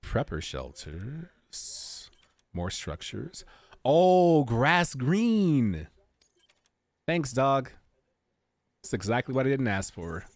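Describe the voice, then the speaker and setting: A man's voice: medium pitch, big pitch swings, very slow, long pauses, no room sound. A man streaming a video game, making jokey, rambling comments with goofy asides. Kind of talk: casual gameplay commentary.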